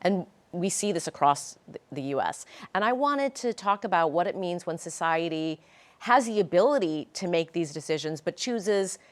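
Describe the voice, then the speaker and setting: Earnest, animated woman author. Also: on the low side, moderate pace. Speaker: author guest. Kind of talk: casual interview chat.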